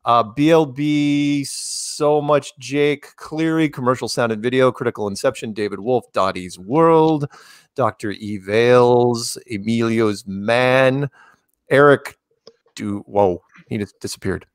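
Dude reading off viewer names w/ deadpan jokes, dry close mic. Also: male voice, medium pitch, takes it slowly, clean tone, no room sound. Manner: joking, deadpan asides while reading names. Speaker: livestream co-host. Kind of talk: casual livestream chat.

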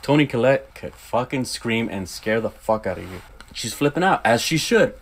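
A young man reviews a horror film in a loose, profane rant. He retells scenes in a rush and jumps into quick acted quotes along the way. His pitch swings up sharply when he gets worked up. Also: animated, creaky, slight background noise. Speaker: movie reviewer. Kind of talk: casual movie review rant.

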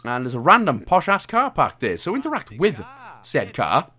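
A man's voice: fairly high pitch, huge pitch swings, normal speed, bright, forceful tone. A man from Wales, hosting a casual game walkthrough with jokey, rambling, self-mocking asides. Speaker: video game walkthrough host.

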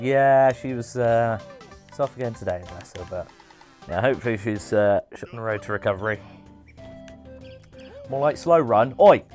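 A man hosting a live speedrun stream, chatty and excitable, with frequent exclamations and cheers. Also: medium pitch. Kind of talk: live gameplay commentary.

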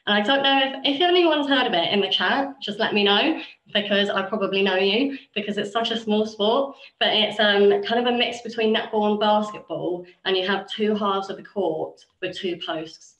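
A woman's voice: medium pitch, moderate pace, few pauses, a bit bright. Nasal woman, casual host, echoey room sound. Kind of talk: casual video call chat.

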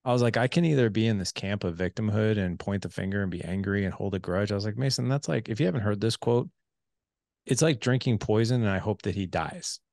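Podcast host, man, 40s, gravelly low voice, animated storyteller, dry close sound. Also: fast talker, no room sound. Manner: animated storyteller who acts out quoted dialogue. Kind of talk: casual storytelling conversation.

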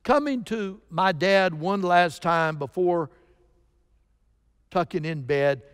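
A man's voice: high voice, slow pace, clean tone. A man preaching a sermon as pastor, telling a story with sudden emphatic rises in his voice. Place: church sanctuary. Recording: long reverb of a church sanctuary.

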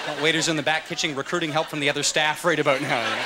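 A man's voice: fairly high pitch, steady tone, rapid-fire, few pauses. A man doing a self-mocking stand-up comedy set, slipping into short character voices, recorded live on a club stage. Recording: live club recording with loud crowd and noise. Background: audience laughter and room noise.

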